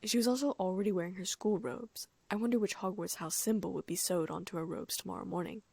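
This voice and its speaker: A woman reading a first-person fan fiction audiobook in a soft, often near-whispered voice. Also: medium pitch, fast, creaky, husky, no echo. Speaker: audiobook narrator.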